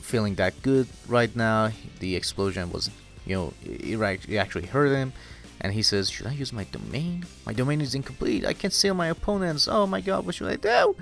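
Casual young male recapper, filler-heavy, animated intonation, soft music bed. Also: on the low side. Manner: rambling, heavy "you know" fillers, laughs at the story. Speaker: anime recap commentator.

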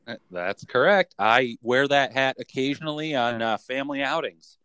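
A young man hosting a casual podcast from his bedroom office, joking and reading lists rapid-fire. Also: medium pitch, pushed and bright, clean tone, dry recording, rough recording. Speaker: podcast host.

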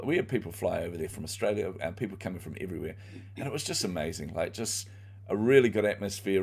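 A middle-aged man speaking as an interview guest, his voice very low and touched with vocal fry. He tells his story in a candid, animated, conversational way, leaning on frequent fillers.

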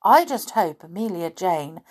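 Storybook: gentle, solemn teddy bear, read by a woman, soft and slow. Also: fairly low pitch, expressive, slightly rough. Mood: worried.

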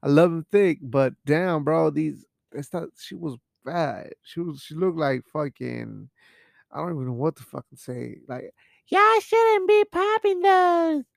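A young man rambles through a profane, casual chat, dropping in Spanish words. He talks slowly in a gravelly voice that sits a bit high for a man. The sound is dry and close. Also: a little mellow, dry recording. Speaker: podcast host. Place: home studio.

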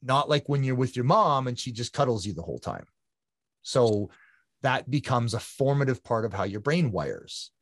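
A man's voice: medium pitch, animated, moderate pace, no echo, clean studio sound. A man, a guest endurance athlete, telling his personal story in an earnest, reflective conversational way, often repeating phrases for emphasis.

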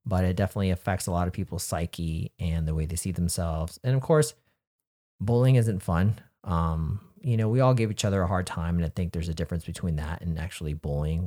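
Brief: laid-back male podcast host, slightly low voice, chatty openers. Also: a little mellow. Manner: easygoing, rambling intros with fillers. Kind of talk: casual podcast chat.

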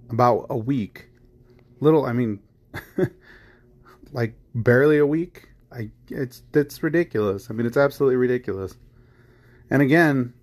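A man hosting a podcast, talking in a heated, rambling way, repeating phrases, swearing and filling with "you know" and "I mean". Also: mid-range voice. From United States. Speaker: podcast host. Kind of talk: casual chat.

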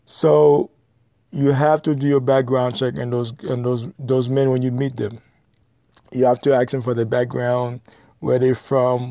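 A man's voice: medium pitch, gravelly, warm tone, dry recording, studio quality. A man giving blunt, lecturing advice in an opinionated monologue, repeating his points.

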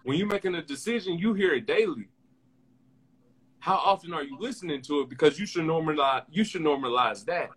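Young guy on a podcast, slangy and animated, kinda high voice, repeats himself a lot. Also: brisk, breathy edge. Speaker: podcast host. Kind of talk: casual podcast chat.

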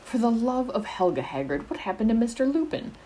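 A woman voicing a brisk, fussing school nurse who exclaims and scolds. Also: fairly high pitch, very animated, dark tone, a little hiss or hum, pitched above the performer's own voice, low-quality recording. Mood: alarmed.

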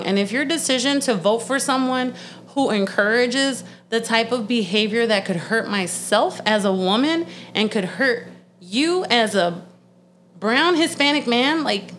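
A woman's voice: on the high side, fairly bright tone, slight background noise. A woman in her thirties ranting in a blunt, profane, exasperated way, speeding up in heated bursts. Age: 30s. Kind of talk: ranting monologue.

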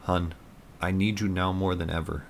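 A calm, loving male spirit speaking gently from inside another's mind, in a deep, low voice, as a male narrator voices him. The storybook reading is slow and tender. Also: creaky, a little hiss or hum. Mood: gentle. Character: dead soldier's calm, loving spirit, man.

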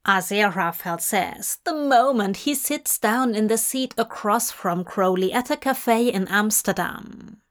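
Slow, measured woman reading fanfiction. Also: medium pitch. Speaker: fanfiction reader.

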